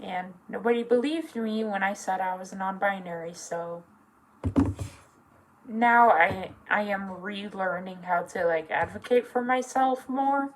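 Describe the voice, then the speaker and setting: A young adult with a feminine voice opens up in a personal vlog, speaking slowly and haltingly. The talk is earnest and full of fillers, and the emotion sometimes pushes close to tears. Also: female voice, mid-range voice, slight background noise, low-quality recording. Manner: emotional, near tears at times. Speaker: vlogger.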